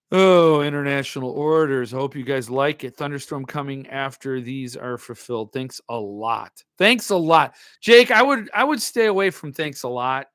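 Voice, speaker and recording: A man's voice: mid-range voice, fairly bright tone, smooth, no echo, studio quality. A man hosting a podcast in casual chat, reading viewer comments, jokey and self-mocking. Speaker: podcast host.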